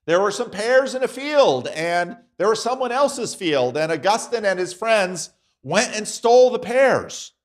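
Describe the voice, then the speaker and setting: Male Sunday school teacher, high and lively voice, unhurried, chatty classroom delivery. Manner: conversational, acts out voices in examples. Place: church classroom.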